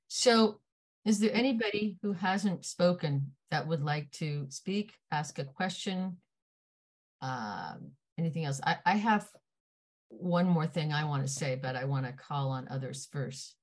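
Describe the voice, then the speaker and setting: A woman's voice: sits low, unhurried. A woman hosting an online meeting discussion, earnest and a little hesitant, with light laughs. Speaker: meeting host.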